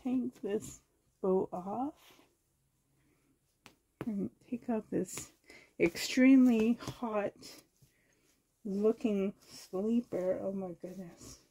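A woman's voice: mid-range voice, very slow, long pauses, warm tone, husky, rough recording. A woman with a Canadian accent, chatting casually while unboxing, gushing, giggly and rambling. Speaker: reborn doll vlogger.

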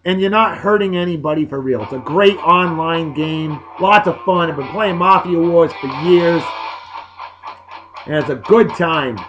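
A boisterous man, his voice sitting unusually high for a man. He rambles and jokes through a casual vlog with music playing behind him. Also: unhurried, a bit bright, dull audio. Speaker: host. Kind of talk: casual beer-review vlog.

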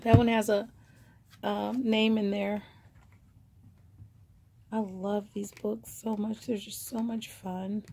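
A woman's voice: medium pitch, flat delivery, takes it slowly, creaky, pauses often, dark tone, a little hiss or hum. A woman selling vintage finds online, showing items in a casual, rambling, chatty way full of fillers. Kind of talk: casual show-and-tell.

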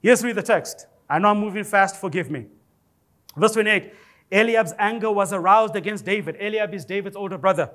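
High pitched guy preaching in church, gets loud and jokey. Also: brisk. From Africa. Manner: animated preaching with rising exclamations and humor. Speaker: pastor. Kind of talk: sermon.

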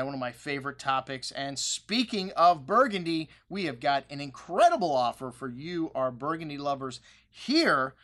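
A man's voice: fairly high pitch, a bit bright. A man hosting a wine shop video, talking in a loose, chatty way with plenty of fillers and asides. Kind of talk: casual video promo talk. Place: wine store.

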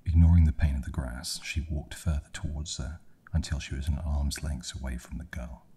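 A man whispering a bedtime horror story in a slow, hushed ASMR reading. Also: very deep voice, steady tone, breathy edge.

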